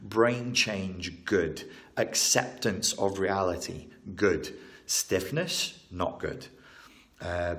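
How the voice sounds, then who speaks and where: A low-voiced man talking through trauma as a therapist in an interview. He stacks emphatic repeated phrases and breaks off to reword himself mid-sentence. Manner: animated, repetitive, emphatic, self-correcting. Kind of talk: interview explanation.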